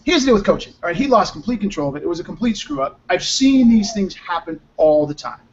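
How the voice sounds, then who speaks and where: Upbeat high-voiced male podcast host. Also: animated, fast, slight background noise. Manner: upbeat, joking, rambling. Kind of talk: casual chat. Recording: muffled lo-fi audio.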